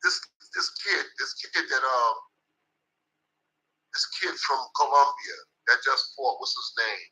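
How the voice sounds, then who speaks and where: A man's voice: medium pitch, expressive, measured pace, sharp tone, low-quality recording. An older man, a boxing trainer, telling stories in an interview in an emphatic, profane, repetitive way. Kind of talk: storytelling interview.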